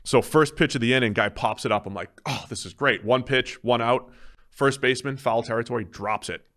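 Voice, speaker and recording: A man's voice: medium pitch, brisk, fairly bright tone. A man hosting a podcast in casual banter, telling a long anecdote and laughing through it. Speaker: podcast host.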